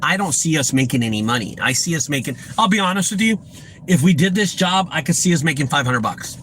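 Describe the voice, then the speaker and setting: A man's voice: a little high, lively intonation, fast talker, fairly bright tone, a little hiss or hum, low-quality recording. Blunt man telling a work story. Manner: blunt, emphatic, repeats key lines; acts out quoted dialogue in his telling. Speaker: junk removal business owner. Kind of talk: storytelling vlog.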